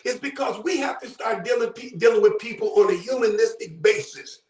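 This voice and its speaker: High-voiced man preaching fervently. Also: fairly quick, darkish tone, echoey room, far from the mic. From Buffalo, New York. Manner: fervent, preacherly, often raises his voice. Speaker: caller. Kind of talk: impassioned call-in commentary.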